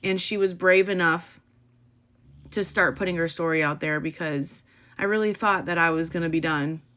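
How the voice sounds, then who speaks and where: A woman's voice: lowish voice, moderate pace, a bit bright. Blunt, emotional young woman vlogging. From American Midwest. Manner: blunt, emotional, swears freely, casual slang. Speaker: content creator. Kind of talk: candid personal vlog.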